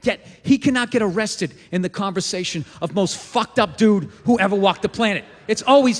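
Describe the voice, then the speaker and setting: Stand-up comic, male, very high and bright voice, heard in a reverberant hall. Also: fairly quick. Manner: profane, rambling, animated rants with acted-out quotes. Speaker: stand-up comedian. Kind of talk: stand-up comedy routine.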